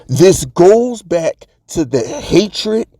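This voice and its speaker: A man's voice: high voice, very animated, extremely slow, warm tone, dry recording, clean studio sound. A man hosting his own sports channel, delivering a heated, fired-up commentary rant in streetwise slang.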